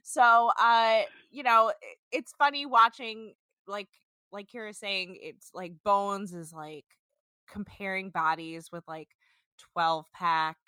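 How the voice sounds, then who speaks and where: A woman's voice: mid-range voice, slow, sharp tone, clear, resonant tone, dry recording. A young woman hosting a podcast, chatting animatedly and casually with many filler words as she recaps a show. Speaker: podcast host.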